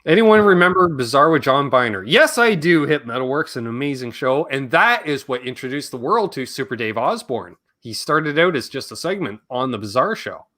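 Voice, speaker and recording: A man's voice: medium pitch, big pitch swings, moderate pace, few pauses, bright, forceful tone. A Canadian man hosting a live Q&A stream, casual and rambling, joking around and reading chat comments aloud.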